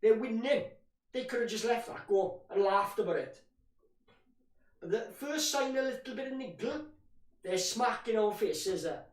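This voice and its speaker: A man whose voice sits high speaks expressively at a moderate pace, pausing often, while giving live fan commentary on a match. He rants in frustration and calls listeners "boys"; the recording has roomy echo and a distant mic.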